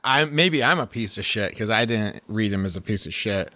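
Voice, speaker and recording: A man's voice: fairly low pitch, expressive, moderate pace, bright, forceful tone. A man co-hosting a podcast, talking hesitantly and searching for his words. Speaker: podcast co-host. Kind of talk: casual podcast chat.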